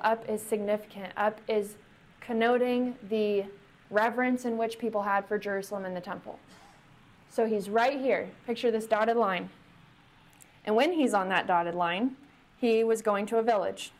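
Woman pastor, slightly high-pitched, relaxed conversational sermon with questions to the room. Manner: conversational, asks the congregation questions.

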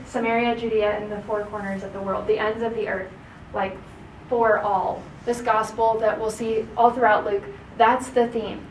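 A woman's voice: fairly high pitch, slight background noise. A woman teaching a casual Bible class, chatty, often asking "right?". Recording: echoey room recorded from a distance.

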